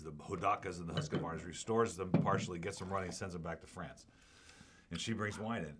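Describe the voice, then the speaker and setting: A man's voice: on the low side, fairly bright tone. A man hosting a wine tasting show, chatting casually and telling rambling, enthusiastic stories about wines and importers.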